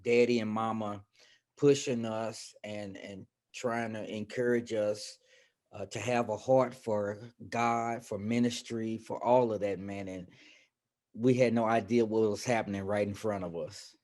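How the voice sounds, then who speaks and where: A man's voice: on the low side, steady tone, unhurried, a little mellow. A middle-aged man from St. Louis, a pastor, chatting as an interview guest in a reflective, easygoing way and laughing readily. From St. Louis, USA. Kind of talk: casual interview chat.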